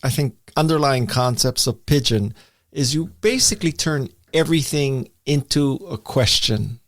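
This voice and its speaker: An older man from Hawaii telling stories with a chuckle as the guest in a relaxed interview. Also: medium pitch, moderate pace, dry recording, studio quality. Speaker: podcast host, interviewed guest. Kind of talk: casual interview conversation.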